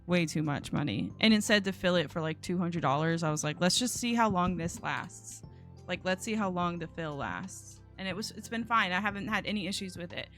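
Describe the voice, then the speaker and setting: A woman's voice: medium pitch, fairly bright tone. Chatty young woman streamer. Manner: chatty, rambling with many fillers and restarts. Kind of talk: casual chat with viewers. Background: faint music.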